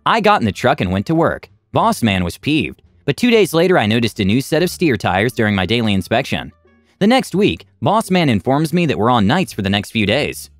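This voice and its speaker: A man's voice: medium pitch, sing-song, a little fast, no room sound, soft background music. A man narrating a reddit revenge story, reading out the character tags as he goes.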